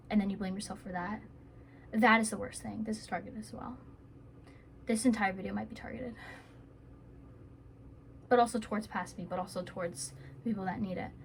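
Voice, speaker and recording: A woman's voice: medium pitch, fairly even intonation, normal speed, creaky, long pauses, a little hiss or hum. A woman giving earnest, rambling self-help advice to camera in a casual vlog, with playful asides.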